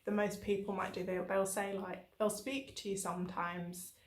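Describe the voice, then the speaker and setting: A woman's voice: mid-range voice, normal speed, reverberant. A woman from England chatting casually in a travel diary vlog, telling stories with lots of fillers. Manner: chatty, animated storytelling with many fillers. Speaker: travel vlogger.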